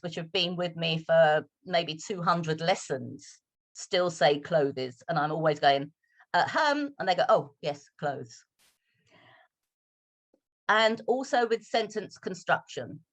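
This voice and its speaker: Slow, low-voiced British woman teacher. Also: fairly bright tone. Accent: British RP, London roots. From London, England. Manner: measured, deliberately slowed speech. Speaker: English teacher, guest. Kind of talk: online Q&A talk. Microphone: video call.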